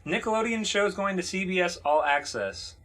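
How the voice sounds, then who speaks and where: A man's voice: high-pitched, lively intonation, moderate pace, background noise. A man hosting a casual podcast, rambling loosely with fillers and swearing as he reads out news. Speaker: podcast host.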